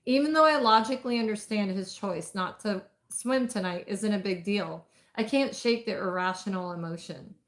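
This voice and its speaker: A woman reading first-person romance narration in an intimate, measured way. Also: medium pitch. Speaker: audiobook reader.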